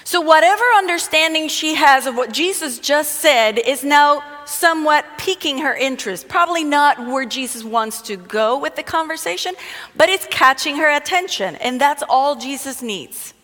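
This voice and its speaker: A woman's voice: sits high, lively intonation, normal speed, a bit bright. A woman reading a Bible passage aloud and explaining it in a conversational, storytelling way. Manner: reads scripture then explains it conversationally. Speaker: Bible teacher. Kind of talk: sermon with scripture reading. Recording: long hall reverb.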